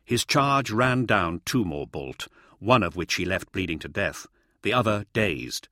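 A man narrates a story in a fairly low voice, his pitch rising and falling with lively expression. His telling is measured and dramatic, as in a polished audiobook. The recording is dry and close, with no room sound. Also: dry recording. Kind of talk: scripted narration.

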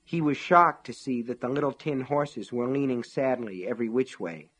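Husky male audiobook narrator. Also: medium pitch, moderate pace, a bit bright.

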